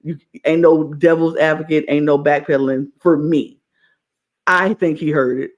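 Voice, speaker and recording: A man's voice: on the high side, normal speed. A man co-hosting a reality TV podcast, ranting emphatically and repeating himself in casual chat. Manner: animated, emphatic ranting with repetitions. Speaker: podcast co-host.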